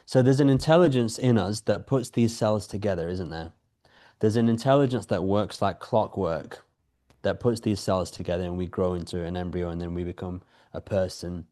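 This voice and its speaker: Male guest, low mellow voice, calm reflective storyteller. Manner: calm, storytelling, asks rhetorical questions. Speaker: podcast guest, spiritual teacher. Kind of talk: reflective spiritual talk.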